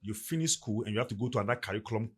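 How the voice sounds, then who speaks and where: A middle-aged man with a Ghanaian English accent talks on a podcast with emphatic, preacher-like force. His voice is husky and slightly breathy. His pitch swings widely as he builds each point. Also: animated, very fast, a bit bright. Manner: preacherly, emphatic, rising and falling delivery. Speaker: podcast guest. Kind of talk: motivational podcast talk.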